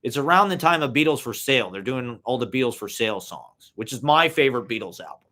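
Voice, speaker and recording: A man's voice: medium pitch, animated, fast talker, sharp tone. A young man talks off the cuff in a mid-range voice, drifting from thought to thought. His speech is loose and profane, thick with "like" and "you know". It sounds like a casual solo vlog. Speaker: vlogger. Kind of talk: casual rambling monologue.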